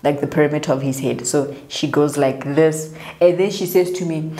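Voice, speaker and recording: A South African woman with a low, deep-set voice tells her story casually and with lively energy, slipping into the voices of the people she quotes. The room around her is noticeably echoey. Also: moderate pace. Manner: animated, chatty, acts out others' lines. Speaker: vlogger.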